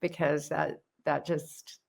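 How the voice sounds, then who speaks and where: A woman's voice: low voice, flat delivery, slow pace, vocal fry. A middle-aged woman, a guest on a podcast, telling family stories in casual chat and laughing often. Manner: laughs often, chatty storytelling. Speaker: guest musician.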